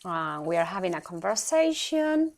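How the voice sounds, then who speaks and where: A woman teaching an English grammar lesson in a measured, explanatory way, often checking in with "okay?". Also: fairly low pitch, sing-song. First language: Spanish. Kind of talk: recorded lesson presentation.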